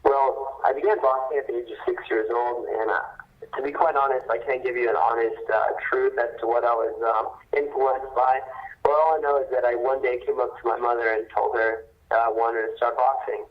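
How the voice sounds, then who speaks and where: Young male boxer guest, earnest and measured, lots of ums, mid-pitched, dull phone line. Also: steady tone. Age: young adult. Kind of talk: phone interview.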